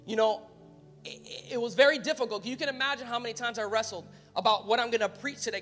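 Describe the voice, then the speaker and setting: An energetic male pastor preaches a sermon, swinging from casual asides to loud, emphatic calls to his congregation. His voice carries a long reverb from the church hall, and faint music sits underneath. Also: very high voice, a little fast. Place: church sanctuary.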